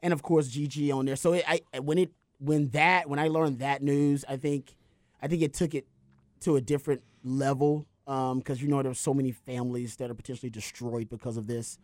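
A man co-hosting a sports talk show, chatting casually and animatedly retelling a story, his voice jumping higher when he quotes others. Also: fairly even intonation, a little fast, a little mellow, no room sound. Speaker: podcast co-host. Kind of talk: casual chat.

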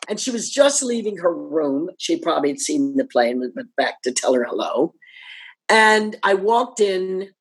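Husky older woman telling lively stories. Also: fairly low pitch, moderate pace. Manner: animated, laughs often, acts out others' lines. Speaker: actress and interview guest. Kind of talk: anecdotal interview storytelling.

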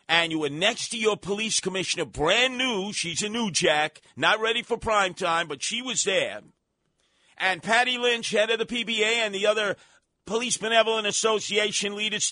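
New radio host guy, high bright voice, sarcastic combative rant. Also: no room sound. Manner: combative, sarcastic ranting with mocking mimicry. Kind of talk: talk radio monologue. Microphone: radio studio microphone.

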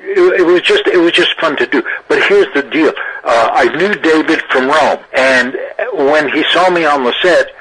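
An older man, an actor being interviewed, telling anecdotes in a lively way and laughing often. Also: a little high, normal speed, few pauses, crowd noise, poor audio. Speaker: actor guest.

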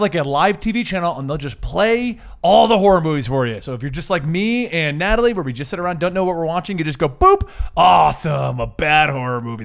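A man hosting a casual comics podcast, talking in a lively, joking, enthusiastic way. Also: a little high. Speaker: podcast host.

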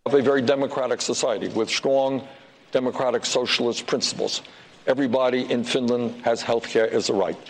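A man speaking as a politician in a played clip, measured and earnest. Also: medium pitch, steady tone, rough recording. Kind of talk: speech clip.

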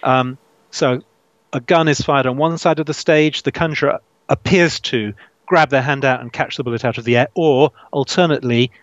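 A man answers interview questions in a thoughtful, searching way, often restarting his sentences and laughing softly. His voice sits at a middling pitch. The recording sounds dull and lo-fi, with no room echo at all. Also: fairly even intonation, normal speed. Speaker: author guest. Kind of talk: casual interview.

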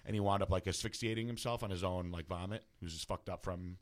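Male guest, deep voice, candid profane personal story. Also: fairly even intonation, quick pace. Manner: casual, profane, heavy use of filler words. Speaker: guest bodybuilder.

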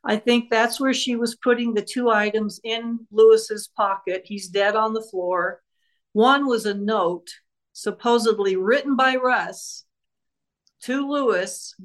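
A woman's voice: fairly high pitch, slow. A woman author, a guest on an interview show, retelling a true crime case and acting out the voices of the people involved.

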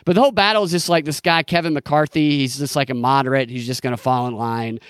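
A man's voice: medium pitch, fairly even intonation, fast, clean tone, no echo, clean studio sound. A man co-hosting a podcast, giving casual, sarcastic, rambling political commentary. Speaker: podcast co-host.

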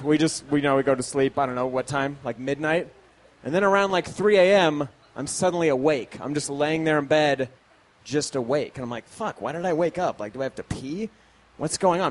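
A man with a fairly high voice tells a true story on stage at a live show. He is self-deprecating, swears freely and laughs as he talks. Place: small live venue with audience.

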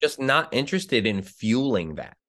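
A middle-aged Broadway actor from New Jersey tells stories animatedly in a conversational interview, doing the voices of the people he quotes. He speaks at a moderate pace with a medium pitch.

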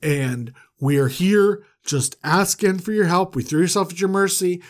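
A man playing humble, nervous farmer brothers who plead in a stammering, overly formal way. The voice is fairly high and drawn out. It stays close to an everyday speaking voice. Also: moderate pace, natural voice.

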